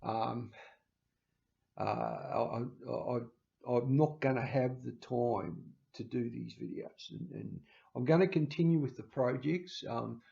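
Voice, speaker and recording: A man hosting his own vlog, talking in a halting way with many restarts and stammers and sounding emotional. He records on a handheld camera. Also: mid-range voice, creaky, warm tone. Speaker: channel host. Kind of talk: casual farewell vlog. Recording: slightly dull lo-fi recording.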